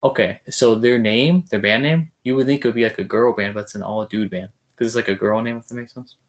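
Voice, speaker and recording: A man's voice: mid-range voice, quick pace, highs cut off. A young man hosting a casual podcast interview, eager and a little starstruck. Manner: eager, starstruck, soft-spoken asides. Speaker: podcast host.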